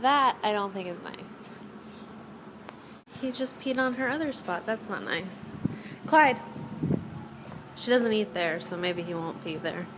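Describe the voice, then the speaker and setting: A woman's voice: medium pitch, measured pace. A young woman with a stuffy nose, chatting casually in a daily vlog and baby-talking to her dog while she drives. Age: young adult. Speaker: vlogger. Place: in a car while driving. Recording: car noise in the background.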